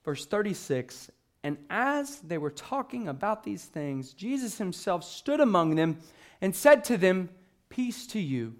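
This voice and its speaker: High-voiced man preaching a sermon. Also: unhurried. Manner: conversational preaching with frequent restarts and fillers; acts out the disciples' excited questions. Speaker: pastor.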